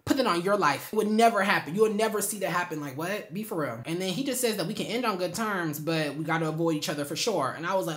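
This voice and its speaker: A woman's voice: on the low side, fast, few pauses. A young woman in her twenties telling a storytime on her vlog, sassy and blunt, full of slang.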